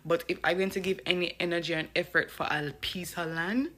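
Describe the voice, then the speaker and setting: A woman chatting casually to camera, animated and thinking aloud. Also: lowish voice, brisk. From Jamaica. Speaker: vlogger. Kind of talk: casual commentary.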